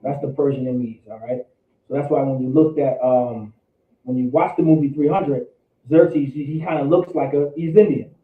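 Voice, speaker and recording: A man's voice: mid-range voice, fairly even intonation, moderate pace, narrow, tinny audio. Man, Bible teacher, slangy preaching, repeats himself; distant, echoey, phone-thin audio.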